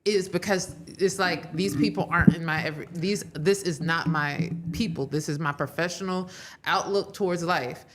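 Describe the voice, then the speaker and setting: A woman's voice: on the low side, fairly even intonation, moderate pace, noisy background. A woman co-hosting a podcast, speaking frankly and expressively as she pushes back in a casual debate. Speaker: podcast co-host.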